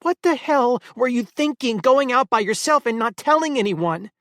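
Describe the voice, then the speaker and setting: A man voicing a fierce, caring young woman who scolds loudly. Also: mid-range voice, moderate pace, vocal fry, no room sound, clean studio sound, pitched above the performer's own voice. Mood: furious. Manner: scolding, shouting.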